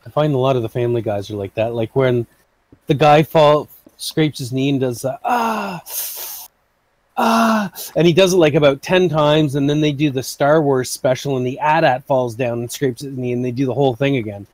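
A man's voice: mid-range voice, fairly quick, a little mellow, dry recording. A man playing along on a game stream, chatting easily with the host. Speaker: fellow player. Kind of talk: casual gaming chat.

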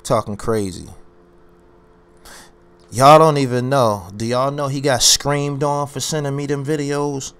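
A man's voice: mid-range voice, fairly even intonation, a little slow, long pauses, fairly bright tone, clear, resonant tone. Boastful, confrontational male vlogger. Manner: boastful and confrontational, repeats phrases for emphasis. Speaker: YouTube commentary host. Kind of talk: unscripted ranting commentary.

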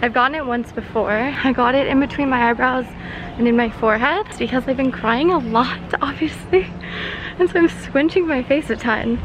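A young woman in her twenties talks to her viewers in a relaxed, chatty vlog. Her voice sits high, and her talk is loose and filled with "like". A faint hum of background noise lies under it. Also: normal speed. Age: 20s. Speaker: vlogger. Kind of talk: casual vlog chat.

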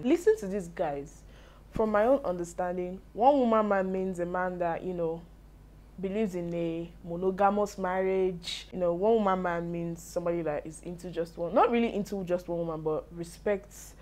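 A young Nigerian woman giving casual, animated commentary on a reality show, with Pidgin asides. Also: fairly low pitch, moderate pace.

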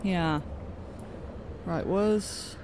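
A man's voice: high-pitched, very slow, background noise. A man giving casual, joking commentary while playing a video game, thinking aloud. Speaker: let's play gamer. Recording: game sounds and music behind.

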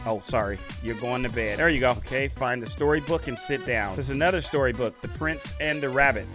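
A man's voice: medium pitch, brisk. A young man giving casual let's-play commentary, reading game prompts aloud and yelping at the game. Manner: excitable, reads game prompts aloud, yelps and whines at the game. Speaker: gaming YouTuber. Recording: gameplay commentary over loud game music.

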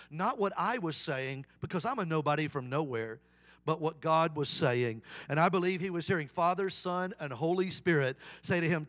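A man with a notably high voice preaching an animated sermon. He calls out to the congregation for answers and keeps the room involved. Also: brisk. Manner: animated call-and-response preaching. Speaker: guest evangelist. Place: church service.

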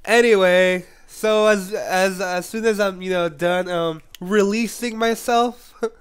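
A YouTube gaming commentator with a cold speaks in a fairly high, smooth, clear voice, his nose stuffed and the odd cough breaking through. He rambles loosely through his story, fairly even in intonation and at a measured pace, giggling between words.

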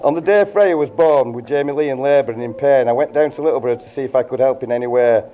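A man's voice: mid-range voice, quick pace, dull audio, a little hiss or hum. A middle-aged man giving a wedding toast as the groom's father, reading from notes with dry jokes. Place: wedding reception room.

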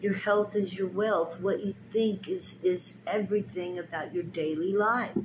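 Slow, preachy spiritual woman vlogger. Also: mid-range voice, steady tone, dull audio, noisy background. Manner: preachy, emphatic, repetitive phrasing; folksy, direct address to viewers. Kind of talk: spiritual pep talk with tarot reading.

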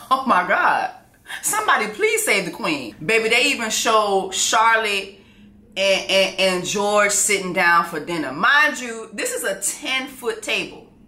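A woman recapping a TV show in a casual, comedic way, full of slang, who acts out characters in high voices. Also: sing-song, measured pace, bright, forceful tone, reverberant.

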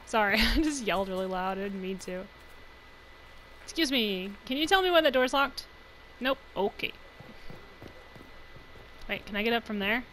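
A woman's voice: fairly high pitch, normal speed, long pauses, a bit bright, slight background noise, rough recording. A young woman giving chatty, rambling let's play commentary, laughing often. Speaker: gaming channel host.

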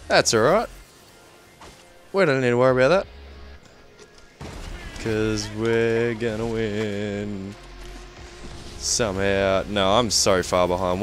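A young Australian man talks through a game he is playing, excitable and cursing often. His voice is lowish and his pace slow. Faint game music plays behind him. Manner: excitable, swears often, laughs at himself. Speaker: gaming commentator. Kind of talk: live game commentary.

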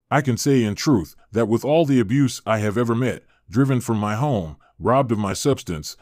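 A man reading an old sermon aloud in a measured, declamatory way. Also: mid-range voice, a little mellow, no room sound, clean studio sound. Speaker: reader of historical sermons.

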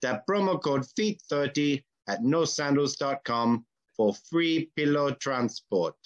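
A man voicing an upbeat male Jamaican resort ad announcer in a comic mock ad, in a put-on Jamaican accent with drawn-out, sing-song patter. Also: on the high side, lively intonation, muffled recording, pitched above the performer's own voice. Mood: salesy.

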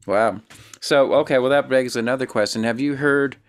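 A man's voice: medium pitch, moderate pace. A man hosting an interview over a video call, chatting in an easygoing way with fillers and restarts. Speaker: podcast host. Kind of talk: casual interview chat.

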